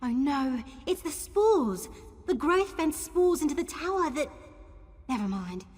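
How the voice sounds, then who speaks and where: An actress playing a plucky, brisk female ally in a fantasy game, with a New Zealand accent and a breathy voice. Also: sits high, sing-song, darkish tone, big-room sound.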